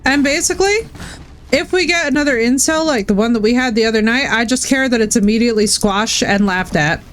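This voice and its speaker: Chatty woman streamer, slightly high voice. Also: a little fast, slight background noise. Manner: candid and chatty, swears freely, calls people bro and dude. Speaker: Twitch streamer. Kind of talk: casual live-stream chat while gaming.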